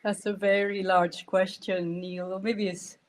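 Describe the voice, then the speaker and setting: A middle-aged woman from France with a French accent touched by an Irish lilt, talking slowly and hesitantly with many fillers in a podcast interview. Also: mid-range voice, little pitch movement. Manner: hesitant, searching for words, frequent fillers and laughter. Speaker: guest, nonviolent communication trainer.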